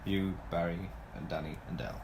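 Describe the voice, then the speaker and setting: A young man co-hosting a casual podcast, teasing in a dry, deadpan way. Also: low-pitched, normal speed, a little hiss or hum. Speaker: podcast co-host.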